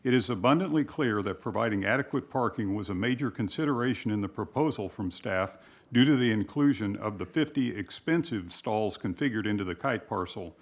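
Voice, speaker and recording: A man reading a formal, measured prepared statement as a public commenter at a city council meeting. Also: fairly low pitch, animated.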